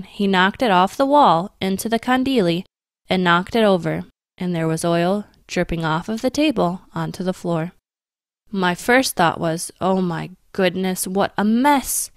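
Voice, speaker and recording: A young adult woman reading a scripted parenting talk for a radio program in a calm, gentle, measured way. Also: medium pitch, dry recording, clean studio sound. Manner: calm, gentle and measured, acting out child-directed quotes.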